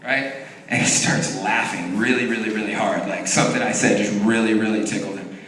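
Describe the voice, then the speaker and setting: A man's voice: lowish voice, brisk. A man in his thirties doing a profane stand-up comedy set on stage, telling stories and acting out voices. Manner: animated storytelling, profane, acts out voices. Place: comedy venue stage, live audience. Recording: echoey hall from far off.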